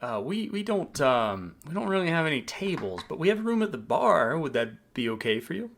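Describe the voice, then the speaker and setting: A game master playing a fussy maitre d'. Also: male voice, a little high, very animated, brisk, vocal fry, voice pushed up, heavily acted. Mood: polite. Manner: polite, hesitant. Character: fussy male restaurant maitre d'.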